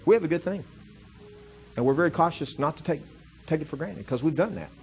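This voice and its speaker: A man's voice: fairly high pitch, animated, a little fast, faint music behind. A man preaching a sermon as pastor, telling stories in a conversational way and building to impassioned, fervent preaching. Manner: conversational storytelling with repeated "see" and restarts.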